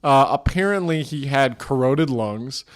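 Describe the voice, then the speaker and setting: A male podcast co-host chatting casually in a voice of ordinary pitch. He rambles through a story with loose fillers. He laughs in the middle of his own sentences. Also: animated, unhurried.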